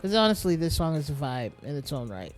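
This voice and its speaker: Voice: medium pitch, very animated, a little fast. A streamer giving casual, wry commentary while playing, reading item names aloud. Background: faint game music.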